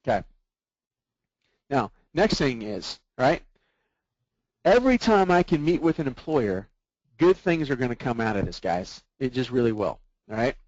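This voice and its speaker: A man leading a sales training webinar, often checking in with his listeners through quick rhetorical questions. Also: medium pitch, big pitch swings, a little mellow, dry recording, lo-fi sound.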